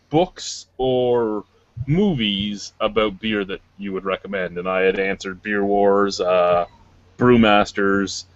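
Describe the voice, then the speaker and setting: Low-voiced man hosting a casual chat. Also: no room sound. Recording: dry, lo-fi webcam audio.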